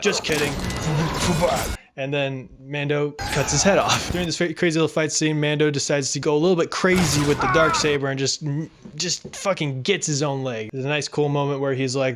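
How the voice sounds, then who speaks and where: A man's voice: mid-range voice, fairly even intonation, moderate pace, a crowd in the background. A man giving a comedic, sarcastic show recap, full of swearing and joking asides. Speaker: video show host.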